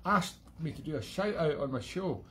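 A man's voice: fairly high pitch, lively intonation, normal speed, a bit bright, a little hiss or hum. A Scottish man hosting a live-streamed music show from home, chatting in a rambling, digressive way with self-mocking humour. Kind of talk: rambling casual monologue.

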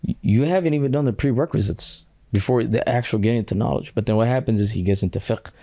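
A man's voice: medium pitch, fast, gravelly, warm tone, dry recording, studio quality. A man speaking as a guest scholar on a podcast, talking bluntly in casual slang and dropping in Arabic quotes. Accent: British.

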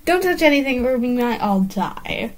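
A woman's voice: on the high side, lively intonation, normal speed, lightly acted. Woman reading as Kashim, curious friendly boy.

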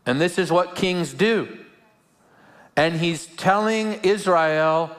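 A pastor with a high voice preaches slowly at a church service, his voice slightly raised before the congregation. His live sermon sounds earnest and searching, and he often repeats a word before landing his point. Light humorous asides break it up.

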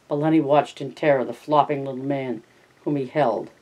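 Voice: medium pitch, fairly even intonation, normal speed, dull audio. A narrator reading a novel aloud, with slips, restarts and small asides of commentary.

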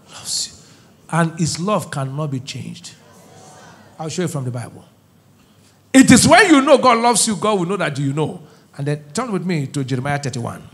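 Brief: middle-aged male pastor, high voice, call-and-response sermon, soft asides to shouts.

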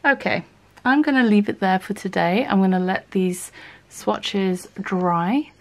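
A woman's voice: medium pitch, unhurried. A woman hosting an art channel, chatting casually and thinking aloud as she swatches paints, sometimes correcting herself mid-sentence.

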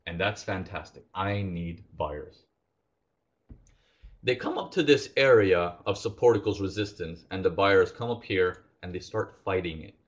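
Lively lo-fi male trading instructor. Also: deep voice, measured pace. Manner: animated, acts out traders' thoughts, asks the audience questions. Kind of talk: live trading lesson.

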